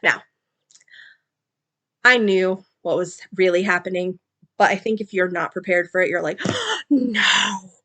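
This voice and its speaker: A woman's voice: fairly low pitch, fairly even intonation, normal speed, long pauses, pushed and bright. A woman chatting casually about novels she has read, retelling the plot with lots of fillers, asides and personal stories. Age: adult, mother. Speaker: book reviewer. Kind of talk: casual book discussion.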